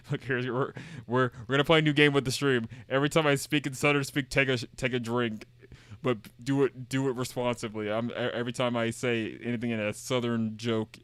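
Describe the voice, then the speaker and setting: A man's voice: mid-range voice, fairly bright tone, clear, resonant tone, no room sound. A man streaming a game, chatting casually, reading dialogue aloud and joking in a rambling, repetitive way. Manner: rambling and jokey, reads game dialogue aloud and repeats himself.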